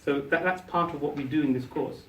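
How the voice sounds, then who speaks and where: A man's voice: fairly high pitch, fairly even intonation, a little fast, fairly bright tone, a little hiss or hum. A man teaching a class, explaining and quizzing his students, checking in often with "yeah?". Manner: explains, asks the class questions; frequent "yeah?" and restarts. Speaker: Arabic teacher. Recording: echoey room, mic from a distance.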